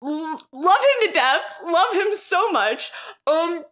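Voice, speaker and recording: Bright, animated young woman. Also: extremely high pitch, slow pace. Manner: animated, laughs often, many fillers. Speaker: podcast guest. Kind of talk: casual storytelling.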